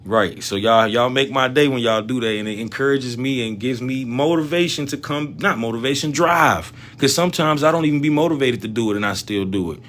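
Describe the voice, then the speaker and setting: Animated slangy man hosting a trading livestream. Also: mid-range voice, a little fast, hardly any pauses. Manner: animated, slangy, talks straight to viewers. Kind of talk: casual livestream chat about stock trading.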